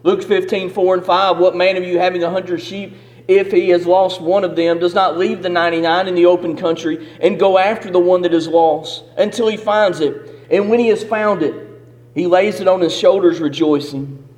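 A man's voice: high voice, steady tone, moderate pace, darkish tone. A man preaching a sermon as pastor, with an emphatic, repetitive cadence in a church sanctuary. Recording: long reverb of a hall.

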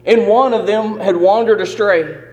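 With a high but darkish-toned voice at normal speed, a man preaches as pastor in a church sanctuary. He drives his sermon with emphatic, repeating rhythms, and long hall reverb hangs over the recording.

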